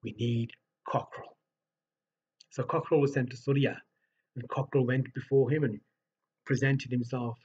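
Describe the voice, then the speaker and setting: A man telling a folk tale to families, animated and asking his listeners questions. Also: medium pitch, normal speed, pauses often, breathy edge, lo-fi sound. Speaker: storyteller. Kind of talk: live oral storytelling for families.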